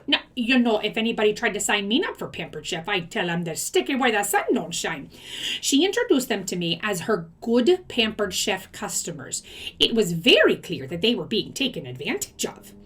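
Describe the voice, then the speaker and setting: A woman's voice: mid-range voice, lightly acted. A woman voicing a chatty older woman host who reads viewer stories aloud with shocked, sympathetic exclamations. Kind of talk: comedic story reading.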